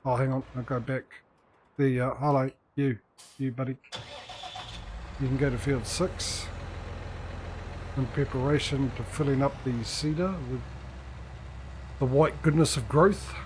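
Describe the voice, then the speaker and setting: A man's voice: medium pitch, steady tone, normal speed, long pauses, noisy background. A man streaming a farming game, chatting casually and joking with his in-game workers. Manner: chatty, talks to in-game workers, dry jokes. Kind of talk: casual gameplay commentary.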